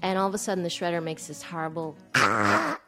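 A woman in her thirties telling a personal story, animated and breathless, acting out the lines she quotes. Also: low voice, a little fast, over loud music.

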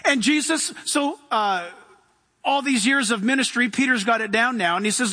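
A man's voice: high-pitched, animated, normal speed, bright, forceful tone, slightly rough. A man preaching an impassioned sermon in a church, reading scripture and asking the congregation questions. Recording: long hall reverb.

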